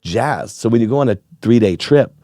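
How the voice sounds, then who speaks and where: A man from Northern California telling a long, animated, profane story in casual chat, acting out the voices of the people in it. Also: mid-range voice, normal speed, no room sound, clean studio sound. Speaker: podcast guest.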